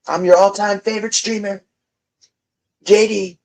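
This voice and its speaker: His voice sits high with little pitch movement, dark in tone with vocal fry, and he speaks at a measured pace. This young man streams live from a home room, reading comments and mocking viewers profanely in casual banter.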